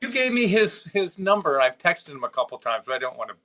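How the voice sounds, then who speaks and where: Bright-voiced Canadian host, casual chat. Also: male voice, fairly high pitch, very animated, fast. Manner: loose anecdotes told in fragments. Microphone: video call livestream mic.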